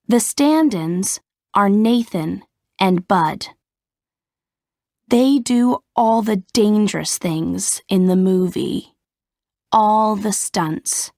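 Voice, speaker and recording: A woman reading a simple story as an audiobook narrator, in a careful, clearly articulated way. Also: mid-range voice, very slow, a little mellow, dry recording, clean studio sound. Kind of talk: scripted narration of a graded reader story.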